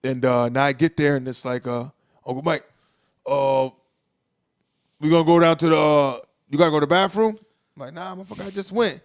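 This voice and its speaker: Brief: young male podcast cohost, a bit higher-pitched, lively profane storyteller who acts out his quotes. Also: moderate pace, pauses often, smooth. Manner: animated, profane, laughs through his story; swings loud and soft acting out quotes. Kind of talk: casual storytelling chat.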